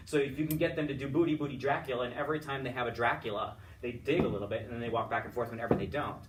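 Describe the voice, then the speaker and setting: A man's voice: mid-range voice, very fast, few pauses. A male choral conducting teacher talks a student through feedback in an upbeat, rambling way, sometimes chanting rhythm words to show a point. He sounds a bit far from the mic, with a faint hiss in the room. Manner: chatty, upbeat, full of fillers and restarts; sings solfege and chants rhythm words to demonstrate. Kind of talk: feedback after a student lesson.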